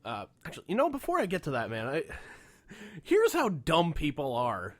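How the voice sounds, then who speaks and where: A man tells stories on a casual podcast, his voice swinging high and low as he acts out other people. He sits a little above the usual pitch for a man. The sound is dry and close. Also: moderate pace, no echo. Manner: profane, animated storyteller acting out quotes. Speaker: podcast co-host.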